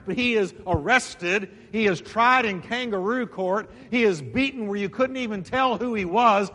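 A man's voice: sits high, bright, forceful tone. A man preaching a sermon, telling a Bible story dramatically and acting out the voices of its figures. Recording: long hall reverb.

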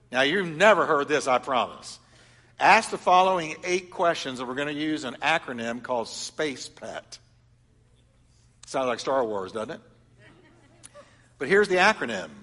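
A male pastor teaching a congregation with a bright, forceful voice, his words ringing out under a long hall reverb. He moves from loud, rising calls to hushed, reflective asides. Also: fairly high pitch. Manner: animated, swings between loud exhortation and soft reflection. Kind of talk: sermon teaching. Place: church hall.

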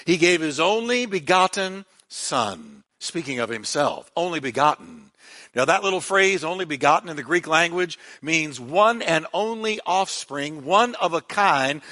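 A man's voice: high voice, sharp tone. A male pastor preaching a sermon with emphasis, repeating key words for weight.

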